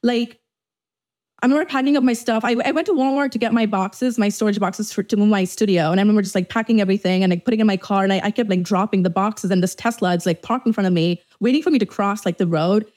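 A woman's voice: mid-range voice, quick pace, darkish tone. A young woman from Dubai hosting her podcast, talking through personal struggles in a frank, profane way, with many restarts and fillers. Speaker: podcast host. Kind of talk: candid confessional monologue.

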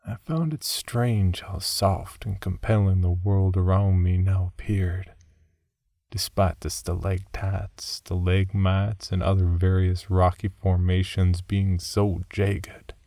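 A man reading a first-person horror story aloud in a measured, somber scripted narration. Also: low-pitched, steady tone, warm tone, dry recording, studio quality.

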